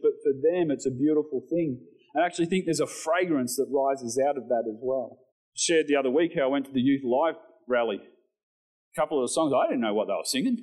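A man preaching a sermon, reading scripture and talking directly to the congregation. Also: poor audio. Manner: animated preaching, rises in pitch on scripture; conversational asides to the congregation. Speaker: pastor.

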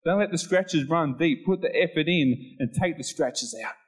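A man's voice: a little high, normal speed, husky, low-quality recording. A middle-aged man preaching an informal sermon in a chatty way, acting out little scenes with sudden voice changes.

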